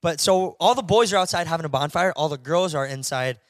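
A man's voice: a little high, a little fast, no room sound, clean studio sound. Chatty young man telling a story. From Florida, US. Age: young adult. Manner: animated storyteller, acts out voices, lots of "bro" and "like". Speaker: podcast co-host. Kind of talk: casual storytelling chat.

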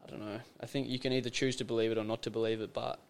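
A man's voice: mid-range voice, level tone, very fast, vocal fry, clear, resonant tone. A young man, a podcast guest chatting casually and telling stories in a loose, rambling way. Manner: rambling, loose storytelling with many fillers. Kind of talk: casual conversation.

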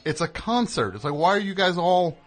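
A man's voice: high voice, very animated, fairly quick. A man hosting a comedy call-in radio show, asking dry, incredulous questions. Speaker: host.

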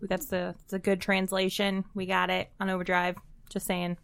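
A woman's voice: mid-range voice, monotone, moderate pace, creaky. Wry woman with short asides. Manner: wry, matter-of-fact asides. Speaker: podcast co-host. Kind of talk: casual book chat.

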